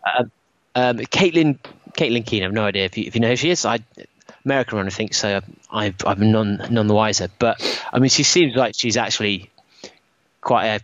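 A man hosting a podcast, telling a running story in a casual, animated way. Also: lowish voice, brisk, no room sound, muffled recording. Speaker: podcast host. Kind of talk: casual chat.

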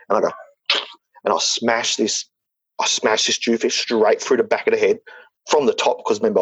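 A man's voice: on the low side, breathy edge, no echo, highs cut off. A man telling a story in casual talk, rambling with lots of fillers and restarts. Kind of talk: casual spoken anecdote.

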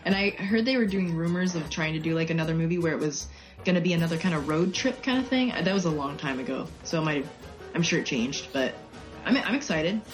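A woman guest on a podcast, chatting in a relaxed, giggly, slightly hesitant way. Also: low voice, quick pace, soft background music. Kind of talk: casual podcast chat.

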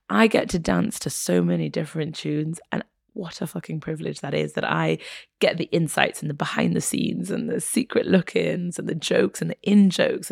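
A woman's voice: fairly low pitch, vocal fry, darkish tone, no room sound, studio quality. A British woman talking as a podcast guest, emphatic and passionate, now and then swearing for emphasis. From Britain. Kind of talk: conversational interview.

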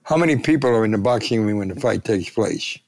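A man's voice: on the low side, lively intonation, quick pace, a little mellow. An older man, a retired sports columnist, telling anecdotes as a guest and acting out the voices he quotes. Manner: gravelly, acts out quoted voices.

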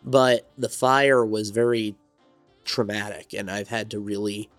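A man's voice: on the low side, steady tone, a little slow, no room sound, soft background music. A man from New Jersey, a songwriter and studio owner, telling his story in a rambling, reflective way as an interview guest. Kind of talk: casual interview conversation.

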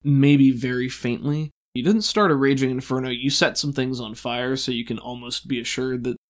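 A man working as game master, narrating a tabletop role-playing game in a relaxed, descriptive way with frequent fillers. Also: medium pitch, moderate pace.

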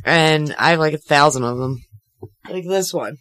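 A woman's voice: low-pitched, moderate pace, fairly bright tone, dry recording. A woman co-hosting a casual podcast chat, telling a story with lots of fillers and laughter. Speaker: podcast co-host.

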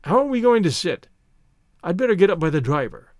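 A man's voice: high voice, very animated, fairly quick, darkish tone, dry recording, studio quality. A man reading a story aloud, voicing an earnest, anxious young husband with a mild, slightly awkward manner.

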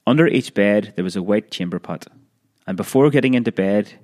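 A man with a fairly low voice reads a memoir aloud. He keeps a steady, measured storytelling pace. Now and then he stumbles and restarts a word. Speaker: narrator.

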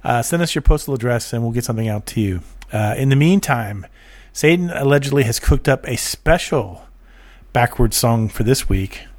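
A man's voice: medium pitch, lively intonation, moderate pace, a little mellow, no room sound. A man with a nasal voice hosting a podcast segment, stumbling over his words now and then. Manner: stumbles, restarts sentences. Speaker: podcast host. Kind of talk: casual chat.

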